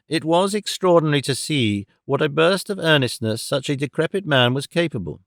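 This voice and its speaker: A man narrating a classic novel audiobook with a steady, expressive reading. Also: on the high side, fairly quick, gravelly, few pauses, no echo, studio quality.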